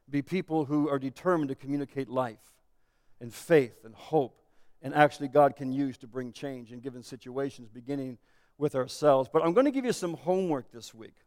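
A man preaching a sermon as pastor, earnest and building to emphatic declarations. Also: mid-range voice. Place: church sanctuary. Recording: echoey church hall.

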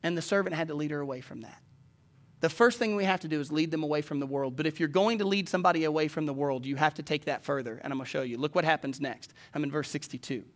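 A pastor preaching a sermon to his congregation in a church, emphatic and swinging from hushed to loud. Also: fairly high pitch, fast talker.

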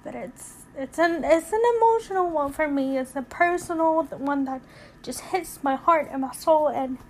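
A young woman with a notably high voice talks through a casual solo podcast episode. She rambles candidly, leans on fillers and restarts, and sounds emotional, close to tears. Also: normal speed, a little mellow, slight background noise. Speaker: podcast host.

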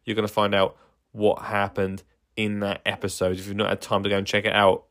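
A man's voice: on the low side, monotone, brisk, fairly bright tone. A man hosting a casual solo podcast, rambling enthusiastically with lots of fillers and restarts. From England. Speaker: podcast host.

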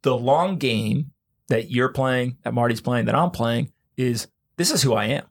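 A man hosting a podcast speaks in an emphatic, conversational way. He runs ideas together in quick bursts, restarts mid-phrase and keeps checking in with his guest. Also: medium pitch. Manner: fast bursts of talk with restarts. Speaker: podcast host. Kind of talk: casual conversation.

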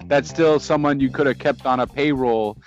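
A man's voice: medium pitch, moderate pace, lo-fi sound, soft background music. A Canadian man co-hosting a podcast, chatting casually and laughing at himself. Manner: animated, laughing, self-mocking. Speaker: podcast co-host.

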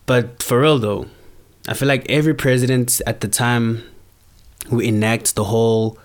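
A man's voice: mid-range voice, fairly even intonation, normal speed. A young man from South Africa talking casually in a rambling, slangy monologue.

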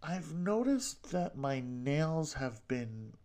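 Slow, rambling man on a solo podcast. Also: a little high, sing-song, warm tone. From New York. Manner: rambling, self-deprecating, profane jokes. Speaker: podcast host.

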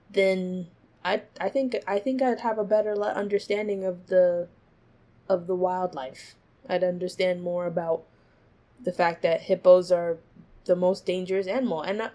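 A woman hosting a casual solo podcast, animated, laughing often and jumping into high exclaiming bursts. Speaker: podcast host.

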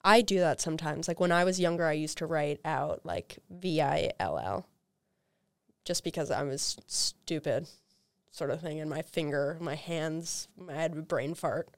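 A young woman co-hosts a podcast, chatting casually and telling animated stories packed with fillers. Her voice sits low with vocal fry, her pace is measured, and the recording is dry.

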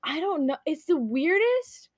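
High-voiced wry young woman. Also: big pitch swings, a little slow, no room sound, studio quality. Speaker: podcast co-host. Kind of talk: casual chat.

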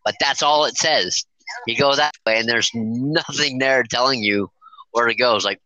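A man who drives trucks telling a story to the show in a profane, animated way and acting out the dialogue. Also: mid-range voice, moderate pace, no room sound, low-quality recording. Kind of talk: casual storytelling.

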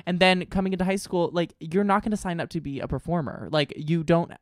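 A man's voice: a little high, a little fast, no echo, studio quality. A young man chatting casually as a podcast guest, telling stories with lots of fillers and restarts. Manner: chatty, animated storytelling with many fillers and restarts. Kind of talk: casual chat.

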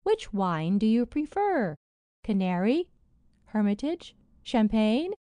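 A woman voicing a vain, scheming old duchess in a fairy tale, shrill and indignant. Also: very animated, slow pace, mellow, no echo. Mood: haughty.

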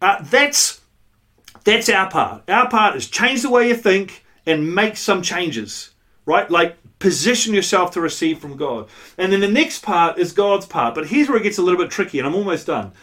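A man's voice: high voice, very animated, moderate pace, a bit bright. A male pastor giving a sermon in a conversational, earnest way, telling a personal story with frequent asides. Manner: conversational, earnest, self-deprecating storytelling with frequent "you know".

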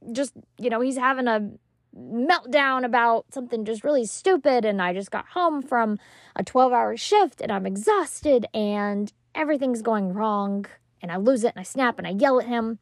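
A woman's voice: fairly high pitch, no room sound, studio quality. A woman hosting a parenting-coach podcast, talking emphatically and casually, sometimes acting out what stressed moms say. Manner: animated, emphatic, acts out quoted moms; casual, swears now and then. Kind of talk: motivational solo podcast talk.

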